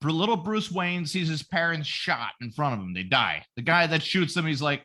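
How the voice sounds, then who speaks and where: Man, podcast chat, lively and bright, jokey profane storytelling, exaggerated character voices. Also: on the high side, moderate pace, hardly any pauses. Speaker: podcast host. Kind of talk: casual comedic podcast chat.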